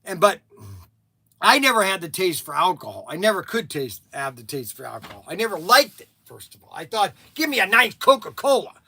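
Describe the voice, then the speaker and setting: A man's voice: high voice, sing-song, a little fast, vocal fry, sharp tone, slight background noise. A man hosting a store livestream, telling casual stories in a rambling way, repeating himself and laughing at his own tales. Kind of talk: casual storytelling.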